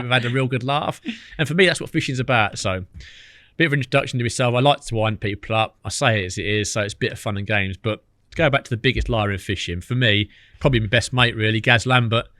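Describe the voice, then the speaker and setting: Fast-talking cheeky angler. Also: male voice, mid-range voice, pushed and bright, no room sound, clean studio sound. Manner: cheeky, rapid anecdotes full of mimicry. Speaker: podcast guest, angler. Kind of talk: casual storytelling.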